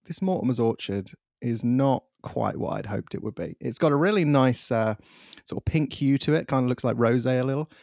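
A young man with a gravelly, creaky voice co-hosts a casual podcast, joking and laughing between lines. The sound is dry and close. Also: mid-range voice, expressive, fairly quick, a little mellow, no echo. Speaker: podcast co-host. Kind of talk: casual chat.

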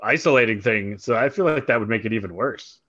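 Bright-voiced man with dry jokes. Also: on the low side, brisk, highs cut off. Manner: dry, joking asides. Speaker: podcast co-host. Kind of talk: casual chat.

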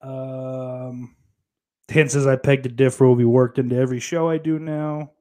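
This male livestream host speaks at normal speed in a medium-pitched, slightly mellow voice with flat delivery. Putting on an Irish accent, he reads the chat aloud in casual stream talk, swearing often and breaking into giggles.

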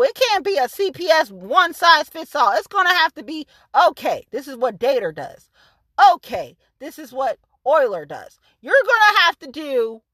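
A woman rants hotly to camera, cursing and hammering every point twice. Her voice sits very high and swings widely. The tone is bright and cutting, and the sound is dry and close. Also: no room sound. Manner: fiery, cursing, repetitive and emphatic. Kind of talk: angry profane rant to camera.

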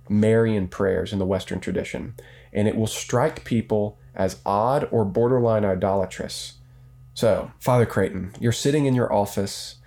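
A man co-hosting a religious podcast as a priest, chatting casually with playful jokes and reading prayers in a slow, measured way. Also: fairly low pitch, creaky, warm tone.

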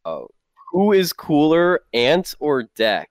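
A man's voice: a little high, sing-song, slow pace, no echo, clean studio sound. A man hosting a casual chat, easygoing, reading out viewer questions. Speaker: host reading donations.

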